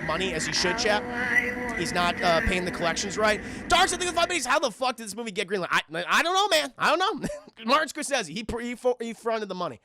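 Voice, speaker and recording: A man's voice: high voice, creaky, pushed and bright. A man recapping a film live for his stream chat, rambling and swearing freely as he goes. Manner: rambling, profane, addresses chat.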